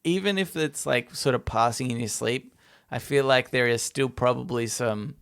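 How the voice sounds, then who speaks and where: Gravelly young man rambling on a podcast. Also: medium pitch, moderate pace, a bit bright. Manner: rambling, giggly, lots of fillers. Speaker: podcast co-host. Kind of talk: casual chat.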